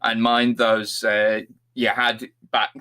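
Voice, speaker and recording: A man's voice: medium pitch, flat delivery, slow, sharp tone. A man co-hosting a podcast, joking and laughing at his own jokes. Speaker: podcast co-host. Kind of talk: casual chat.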